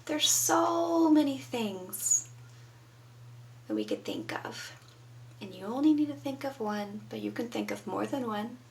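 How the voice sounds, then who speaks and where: A woman's voice: a little high, sing-song, unhurried, darkish tone, recorded from a distance, poor audio. A woman teaching young children from home, patiently prompting them to answer. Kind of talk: children's lesson.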